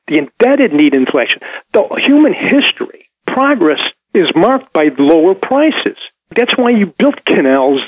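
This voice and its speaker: Over a tinny phone line, a man offers opinionated commentary on the economy, emphatically mocking the voices of his opponents and scorning them. His voice is a little high with a breathy edge, and the recording is dry.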